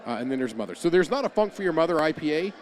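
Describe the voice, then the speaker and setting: A man hosting a podcast, chatting casually and telling animated stories with frequent chuckles, recorded outdoors at a brewpub's beer garden on a small tripod camera. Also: fairly high pitch, racing. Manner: animated storytelling, chuckles often. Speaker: podcast host. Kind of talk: casual chat. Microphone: small camera on a miniature tripod.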